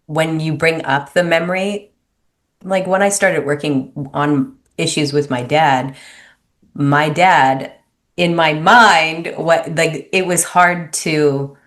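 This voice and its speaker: Low-voiced woman reflecting in talk. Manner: reflective, halting, restarts phrases. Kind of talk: casual conversation.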